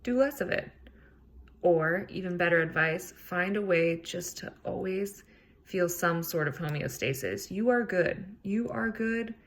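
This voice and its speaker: A woman's voice: fairly low pitch, animated, a little slow. A woman hosting a solo self-help podcast, talking in a casual, earnest way and swearing freely. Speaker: podcast host.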